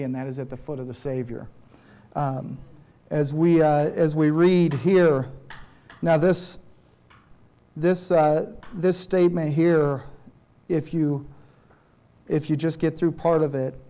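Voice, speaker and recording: Earnest man preaching in a mellow voice. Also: on the high side. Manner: earnest, conversational, frequent restarts. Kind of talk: sermon. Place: church.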